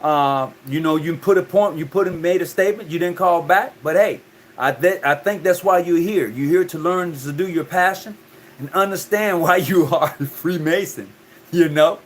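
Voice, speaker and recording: A man's voice: a little high, normal speed. A man hosting a call-in talk show, talking loosely and often repeating his words.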